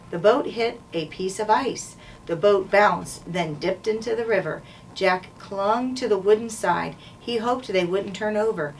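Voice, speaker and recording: A woman school administrator reading a children's chapter book aloud in a steady, clear way. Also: medium pitch, measured pace. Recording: distant mic, faint noise.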